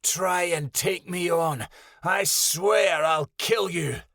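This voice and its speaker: A man's voice: high-pitched, slow pace, gravelly, bright, forceful tone, dry recording, clean studio sound, pitched above the performer's own voice, full character voice. A man voicing an enraged young male wolf who growls out threats in an audiobook.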